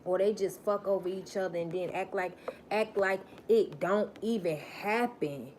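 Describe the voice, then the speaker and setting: A woman's voice: medium pitch, unhurried, darkish tone, a little hiss or hum. A woman giving a live-stream spiritual message, emphatic and preachy, repeating phrases for stress.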